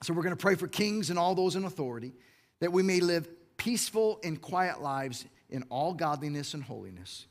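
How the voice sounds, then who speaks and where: A middle-aged man, preaching a lively sermon as pastor, often repeating words when he gets going. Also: on the high side, a little fast. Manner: lively, repeats words when fired up, mock-quotes the congregation.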